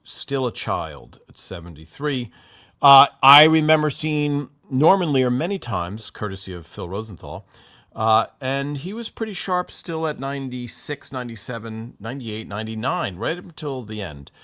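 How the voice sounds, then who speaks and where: A man's voice: medium pitch, bright, forceful tone. A man hosting a casual livestream, greeting viewers and reading their comments in a rambling, chatty way with many fillers. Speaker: livestream host.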